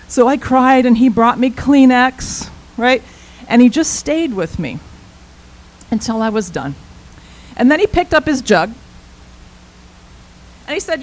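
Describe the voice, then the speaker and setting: A woman, an intern minister, telling a personal story as a sermon in an animated, conversational way. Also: on the high side, unhurried, long pauses, rough recording.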